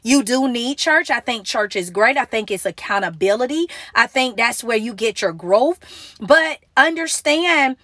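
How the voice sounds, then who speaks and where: A young woman, a motivational Christian speaker, gives an earnest, emotional devotional talk into her phone, pleading with her listeners. Her fairly bright, high-leaning voice has lively intonation at a measured pace, with studio-quality sound and no room echo.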